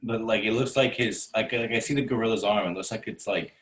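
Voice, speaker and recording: A man's voice: lowish voice, fairly quick, rough recording. A man co-hosting a casual chat, talking hesitantly with many fillers and questions. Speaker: podcast co-host.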